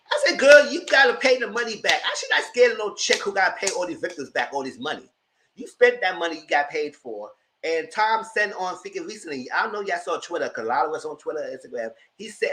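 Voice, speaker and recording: A man hosting a live TV review, giving sassy, animated commentary straight to his viewers. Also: on the high side, poor audio. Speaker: TV review host.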